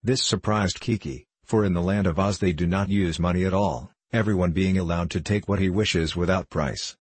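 Deep, husky male storybook narrator. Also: dry recording. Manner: steady, measured reading.

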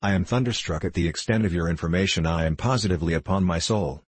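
Man reading as a blustering old father, low husky voice, grand and mock-solemn. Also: fast, no echo. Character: stern, pompous old father.

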